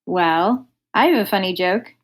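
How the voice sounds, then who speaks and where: A woman from the United States chatting as a comedian guest on a podcast. Her voice sits at a middle pitch. She delivers her jokes dryly, with a plain setup and punchline. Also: a little slow, faint music behind. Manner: dry, setup-and-punchline joke telling. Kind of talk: casual podcast chat.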